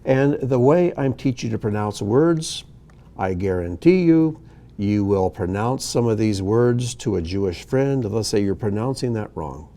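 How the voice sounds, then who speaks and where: A man's voice: on the low side, animated, dark tone. A man from Ohio teaching a recorded Hebrew lesson, patiently explaining and correcting himself as he goes. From Ohio, USA. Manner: patient, slow and explanatory, with self-corrections and asides.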